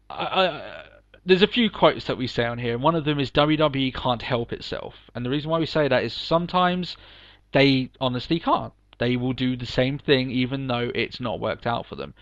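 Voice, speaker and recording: A man's voice: medium pitch, a bit bright, no echo, highs cut off. A man co-hosting a podcast, chatting casually and emphatically, laughing often. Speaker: podcast co-host. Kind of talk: casual wrestling review chat.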